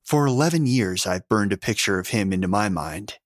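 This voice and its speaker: A man's voice: lowish voice, lively intonation, brisk, dry recording, clean studio sound. A man reading a story, voicing a grieving, determined young woman who speaks in a tight, strained voice. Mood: strained, defiant.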